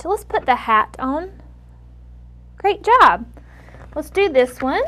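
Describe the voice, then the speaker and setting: A young woman with a high voice explains a speech therapy method, then runs through it with a patient. She speaks step by step and keeps up steady encouragement. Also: slow pace. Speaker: student speech clinician.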